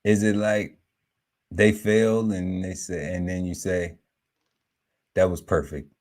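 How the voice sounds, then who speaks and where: A man hosting a casual podcast panel. He slowly reads through lists of words, musing aloud and breaking into laughter now and then. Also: deep voice, fairly even intonation, darkish tone. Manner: slow, musing list-reading broken by laughter and asides.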